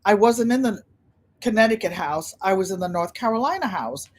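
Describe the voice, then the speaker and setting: An older woman hosts a casual livestream in a chatty storytelling way. She brings people she quotes to life with animated voices. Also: mid-range voice, brisk. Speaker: channel host.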